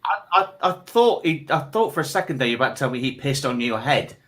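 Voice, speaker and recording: Man, comedy panel host, bright forward tone, chatty, wry asides, middle pitch. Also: expressive, quick pace, slight background noise. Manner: chatty, reads out viewer comments with wry asides. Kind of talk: comedy panel show hosting. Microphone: online live stream.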